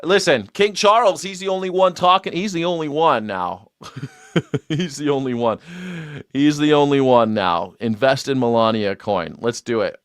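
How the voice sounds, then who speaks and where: A man's voice: medium pitch, normal speed, smooth, no room sound, clean studio sound. A man hosting a live call-in show, talking in a mocking, sarcastic way and laughing often. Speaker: livestream show host.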